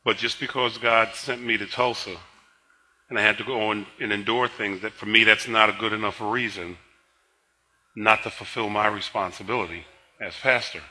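Tired older pastor preaching, bright voice. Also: male voice, on the low side, steady tone, low-quality recording. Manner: leads congregation in slow emphatic spoken confession; conversational storytelling between scripture. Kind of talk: sermon.

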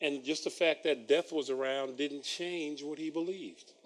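A man's voice: on the high side, steady tone, a little slow, slight background noise. A man preaching a sermon, reading scripture and breaking in with wry asides and chuckles.

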